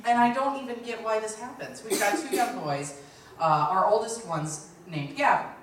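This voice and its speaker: A woman's voice: medium pitch, normal speed. Woman doing stand-up in echoey room. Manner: chatty storytelling, acting out quotes. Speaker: stand-up comedian. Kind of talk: live stand-up comedy. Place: lounge stage. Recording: very echoey room, distant mic.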